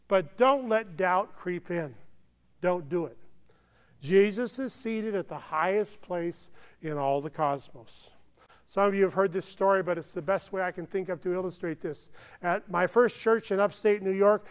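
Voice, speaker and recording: Pastor guy preaching, higher voice, big echoey church hall, earnest and punchy. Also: clean tone. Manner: earnest, emphatic, with frequent "okay" asides. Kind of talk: sermon. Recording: long hall reverb.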